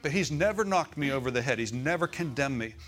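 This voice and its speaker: Male pastor, mid-pitch voice, chatty preaching style with frequent asides to the congregation. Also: expressive, fast, fairly bright tone. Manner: conversational preaching, asks the congregation for agreement. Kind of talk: sermon. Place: church.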